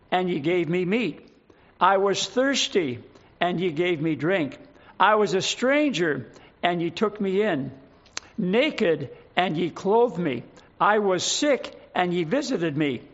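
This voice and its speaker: High-voiced pastor preaching slowly. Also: male voice, a bit bright, highs cut off. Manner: prayerful, measured, reading scripture in King James wording. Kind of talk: sermon.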